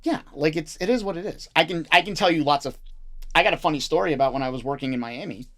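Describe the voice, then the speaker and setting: Chef guy on a podcast, blunt, fired up, a bit high, swears a lot. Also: quick pace. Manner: animated, blunt, swears freely. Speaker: chef and restaurant owner, podcast guest. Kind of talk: casual interview chat.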